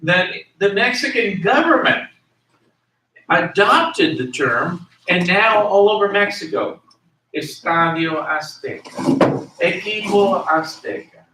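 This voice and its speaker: A man lecturing in a room with a lingering echo, his voice picked up from across the space. He speaks slowly and a touch high, going over each term again and spelling words out for the class. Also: lively intonation, sharp tone, slight background noise. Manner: explanatory, repeats and spells out terms. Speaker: history lecturer. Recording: echoey room, voice from a distance.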